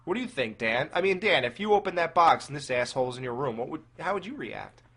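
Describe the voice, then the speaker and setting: Husky man hosting a casual podcast. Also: fairly high pitch, lively intonation, fast, sharp tone. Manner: rambling, hesitant questions. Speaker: podcast host. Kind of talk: casual chat.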